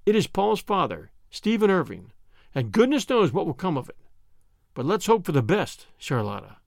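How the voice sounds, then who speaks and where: A man's voice: high voice, very animated, normal speed, gravelly, dry recording, clean studio sound, heavily acted. A man reading an audiobook, voicing a dreamy, romantic young woman who speaks in earnest, storybook phrases.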